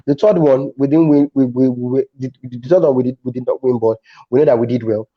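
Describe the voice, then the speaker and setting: A man with a Nigerian accent, a comedian chatting as a guest and telling stories with animated restarts. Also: mid-range voice, brisk, dull audio. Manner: animated storytelling with frequent restarts. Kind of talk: casual interview chat.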